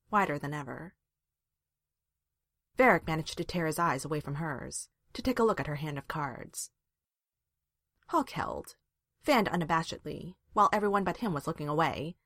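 Brief: low, animated woman narrator, dry close sound. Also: no room sound. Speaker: reader. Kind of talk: reading fan fiction aloud.

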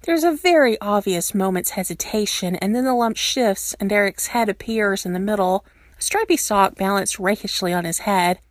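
A woman reading a fan fiction story aloud, expressive and animated. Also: mid-range voice, normal speed, no echo, studio quality. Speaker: reader.

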